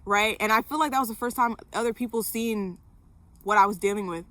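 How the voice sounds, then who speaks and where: A woman's voice: fairly high pitch, fairly even intonation, brisk, fairly bright tone, no echo. A young woman vlogger telling a personal story to camera, candid, with lots of fillers and swearing.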